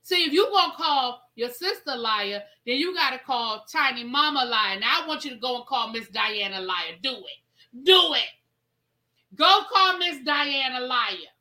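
A sassy woman host talks over a clip with a bright, forceful voice. She lays on the emphasis and stretches out the lines she repeats. Her pitch sits a little high. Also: expressive, rough recording. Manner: sassy, emphatic, drawn-out repetitions. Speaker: show host. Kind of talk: casual commentary.

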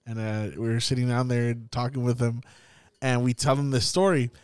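A young man hosting a podcast, telling a story in a casual, profane, animated way and acting out the scenes. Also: medium pitch, moderate pace, clean tone, dry recording. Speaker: podcast host. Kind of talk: casual chat.

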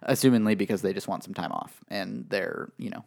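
A man's voice: fairly low pitch, brisk, creaky, darkish tone. A man co-hosting a casual podcast, explaining at length in a chatty way with many fillers. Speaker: podcast co-host. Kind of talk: casual wrestling chat.

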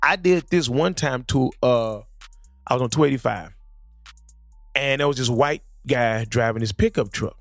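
Gravelly-voiced man telling stories. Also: medium pitch, moderate pace, no echo, studio quality, faint music behind. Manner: animated, repeats words when starting sentences. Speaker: podcast host. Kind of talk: casual chat with storytelling. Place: studio, sitting across from a guest. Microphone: studio microphone.

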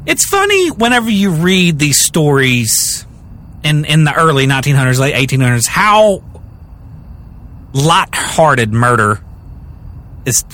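A young man retells a true crime story on a podcast. He talks casually and often restarts his sentences. His tone is bright and sharp, his pitch swings widely, and he sits a little higher than most men. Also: measured pace, pauses often. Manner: animated, rambling, jokey, with many restarts.

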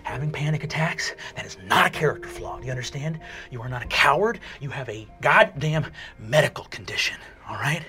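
A man voicing a gruff, profane male guidance counselor who is furry, blunt and rough, dropping to a hush and rising to a shout. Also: mid-range voice, animated, a little fast, faint music behind. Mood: urgent.

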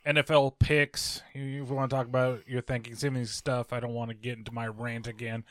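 A man's voice: mid-range voice, level tone, normal speed, a bit bright, dry recording. Joking podcast host man, dry sound. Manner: joking, swears freely, laughs often. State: hiccuping. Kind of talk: casual podcast chat. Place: indoor studio setup.

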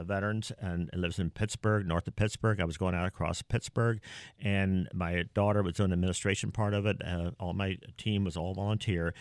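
A man's voice: sits low, dry recording, studio quality. An older man from Pennsylvania being interviewed, telling stories earnestly with many fillers and restarts. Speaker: interview guest. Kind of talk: conversational storytelling.

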